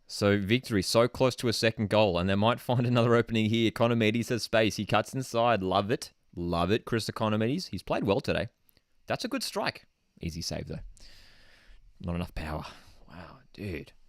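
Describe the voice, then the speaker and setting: A young Australian man hosting a live football watchalong, excitable and prone to saying "dude", swinging between shouting and muttering. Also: on the low side, brisk, dry recording, clean studio sound. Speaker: football channel host. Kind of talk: live match watchalong commentary.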